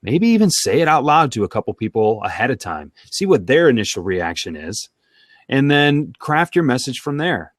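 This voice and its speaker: A man co-hosting a sales talk show, chatting casually in an animated way and thinking out loud. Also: medium pitch, normal speed, no echo, studio quality. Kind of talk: casual conversational chat.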